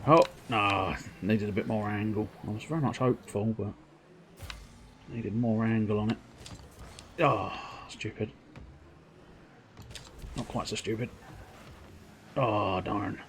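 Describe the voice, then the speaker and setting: A man giving excitable, self-mocking running commentary on his own gameplay while streaming, sometimes turned away from his microphone. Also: fairly low pitch, a little hiss or hum. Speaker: livestreamer. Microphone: desk microphone, sometimes turned away.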